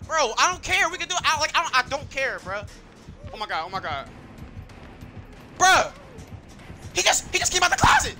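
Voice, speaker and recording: A man giving excitable gameplay commentary, yelling and complaining in slangy talk. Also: extremely high pitch, normal speed, pauses often, soft background music. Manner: slangy, frequent "bro". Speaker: gamer.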